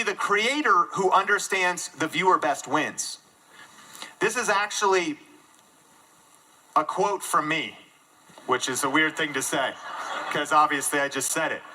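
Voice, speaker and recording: A man giving an energetic live keynote talk to an audience in a room, joking at his own expense. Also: high voice, a little hiss or hum, poor audio. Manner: energetic and self-deprecating, jokes with the audience. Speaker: conference speaker.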